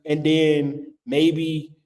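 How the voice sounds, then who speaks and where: A man's voice: on the high side, completely flat delivery, extremely slow, a little mellow. Blunt, profane man giving spiritual advice. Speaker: spiritual vlogger. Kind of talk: casual spiritual advice talk.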